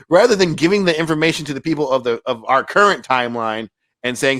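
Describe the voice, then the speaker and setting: A man of middle pitch reviews a movie in casual podcast chat. He sounds sarcastic and exasperated and swears, and his voice comes through dry and close. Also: fast talker, a bit bright, no room sound. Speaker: podcast co-host.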